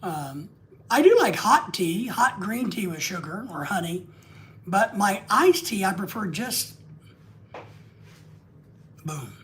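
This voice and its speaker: A man's voice: high voice, sing-song, takes it slowly, pauses often, a bit bright. A man hosting a live stream, rambling and joking casually with crude asides.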